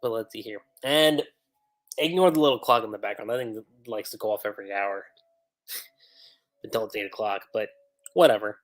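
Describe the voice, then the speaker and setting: A man's voice: fairly low pitch, moderate pace, pauses often. A man hosting a livestream, musing aloud about a comic chapter with chatty, laughing asides. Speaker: streamer. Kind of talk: livestream commentary.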